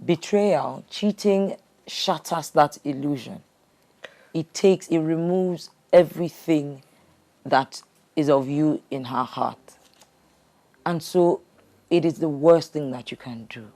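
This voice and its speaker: A woman hosting a counseling show, calm, measured and soothing. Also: low-pitched. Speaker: relationship counselor host.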